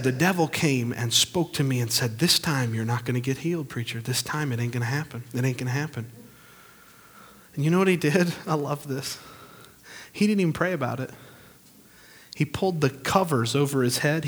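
Animated preacher in a hall. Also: male voice, husky. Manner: animated, storytelling with swings from booming to hushed. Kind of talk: sermon. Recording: long reverb of a large hall.

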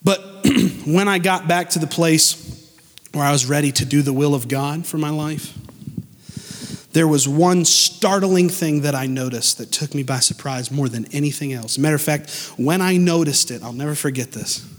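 A pastor preaching a sermon in church, animated and emphatic, speeding up and slowing down and swinging between loud and soft. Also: male voice, fairly high pitch, big-room sound. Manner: animated, emphatic preaching with sudden shifts in pace and loudness.

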